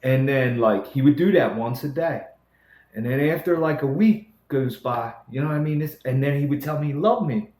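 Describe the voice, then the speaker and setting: A man's voice: medium pitch, lively intonation, normal speed, darkish tone. A man in recovery telling his own story in a casual podcast chat, earnest and full of "man" and "bro.". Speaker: person in recovery helping others. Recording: echoey room.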